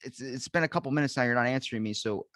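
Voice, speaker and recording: A man's voice: mid-range voice, rapid-fire, fairly bright tone, no echo. A young American man from the East Coast hosting a podcast, telling rambling anecdotes with lots of swearing and acted-out voices. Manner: rambling storyteller, swears a lot, acts out quoted voices. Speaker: podcast host. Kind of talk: casual chat.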